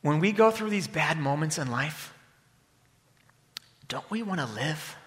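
A man preaching a sermon, swinging from loud emphasis to hushed near-whispers. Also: on the high side, expressive, unhurried. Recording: long hall reverb.

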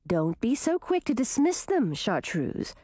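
Lady doing a stern royal mom, firm and measured, slightly raised pitch. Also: big pitch swings, mellow, dry recording, studio quality. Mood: reproving. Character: stern, composed queen mother, woman.

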